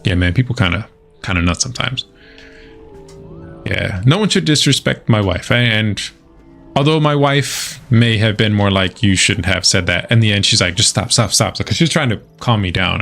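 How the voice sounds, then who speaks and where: A man's voice: lowish voice, normal speed, vocal fry, fairly bright tone, soft background music. A middle-aged man streaming a video game, telling a long story in casual chat, swearing freely and restarting his sentences. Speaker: gaming streamer. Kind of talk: casual livestream chat over gameplay.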